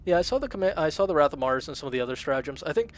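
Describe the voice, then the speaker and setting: A man's voice: fairly high pitch, lively intonation, racing. A man chatting casually on a game stream, rambling with lots of fillers and reading chat aloud. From Russian-speaking family, immigrated to America. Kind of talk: casual live-stream chat while gaming.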